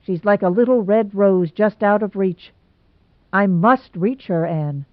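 A woman narrator plays a gloomy, lovesick young man, earnest and complaining, pushing his words out louder. The sound is thin and phone-like, with no room in it. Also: mid-range voice, a little slow, no room sound, lightly acted. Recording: tinny phone-like sound, dry.

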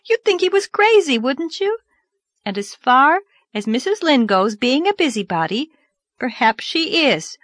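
Woman doing an earnest, lively young girl. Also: on the high side, normal speed, dry recording, pitched above the performer's own voice, lightly acted. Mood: animated. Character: earnest, dreamy young girl, eager to persuade. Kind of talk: audiobook character voice.

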